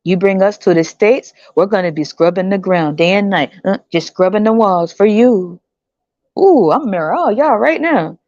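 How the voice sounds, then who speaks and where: A woman playing a gullible, boastful man who squeals with excitement, in a dull, dry lo-fi recording. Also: lowish voice, moderate pace, no room sound, lightly acted. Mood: giddy.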